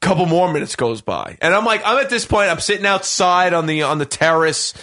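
A man's voice: high voice, lively intonation, brisk, bright, forceful tone. A man hosting a radio talk show, telling a profane story in casual chat and acting out the quotes with laughs. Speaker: host.

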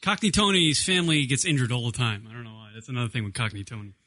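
A man's voice: mid-range voice, rapid-fire, pushed and bright. A male radio show host in casual, crude, self-mocking banter, introducing listener calls.

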